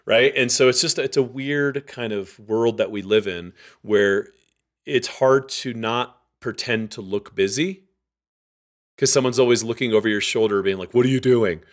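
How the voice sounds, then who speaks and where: A man, a guest author, talking casually in an interview and acting out quoted voices with lively energy. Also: medium pitch, a little slow. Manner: animated, acts out quoted voices.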